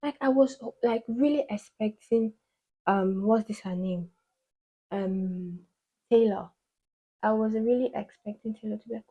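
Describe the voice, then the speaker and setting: A woman's voice: mid-range voice, a little slow, breathy edge, highs cut off. A woman beauty vlogger chatting casually while doing her makeup, rambling with lots of "like" fillers and playful asides.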